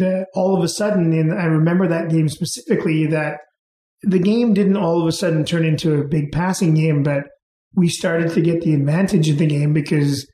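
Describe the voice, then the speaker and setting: A middle-aged man, an interview guest, telling anecdotes in an unhurried way and chuckling as he goes. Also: on the high side, dark tone, echoey room. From Canada. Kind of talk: casual storytelling.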